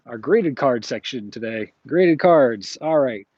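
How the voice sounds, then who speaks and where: A man's voice: medium pitch, animated, unhurried, darkish tone, slightly rough, no echo, dull audio. Rambling man chatting from a flea market stall. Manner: rambling, with many fillers and self-corrections. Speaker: streamer selling at a flea market. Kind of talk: casual live-stream chat.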